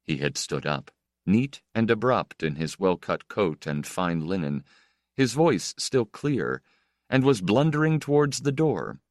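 Man narrating a novel, expressive. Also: lowish voice, a little slow, no echo, studio quality. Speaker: audiobook narrator. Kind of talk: scripted narration.

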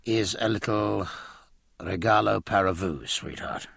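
A man's voice: fairly low pitch, unhurried, gravelly, fairly bright tone, husky, no room sound, studio quality, exaggerated voice. A man reading an audiobook, voicing a hearty, gallant naval captain who breezily mixes foreign words into his talk. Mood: teasing.

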